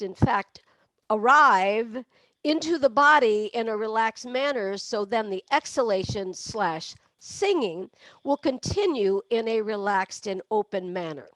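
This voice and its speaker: A woman's voice: a little high, fairly bright tone, no room sound, studio quality. Woman coaching singing breath exercises. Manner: demonstrative, breaks into barks, meows and sung laughs. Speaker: vocal coach. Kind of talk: online voice lesson.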